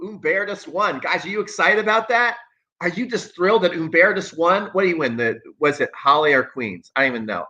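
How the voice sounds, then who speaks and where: A tennis coach and channel host runs a live tennis stream, his slightly high voice pushed and bright through dull audio. He talks sarcastically and emphatically, repeating himself for effect.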